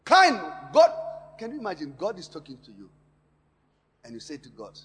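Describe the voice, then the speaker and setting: A man preaching a sermon in a church, impassioned, swinging between quiet asides and loud emphatic lines and repeating words for stress. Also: high-pitched, huge pitch swings, moderate pace, background noise. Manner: impassioned preaching with sharp rises and drops in loudness. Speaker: pastor. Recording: long hall reverb in a church.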